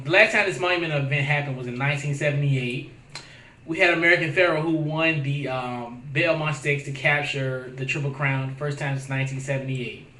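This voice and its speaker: A man's voice: on the high side, bright, forceful tone, roomy sound. A man hosting a casual sports chat show, joking and laughing often.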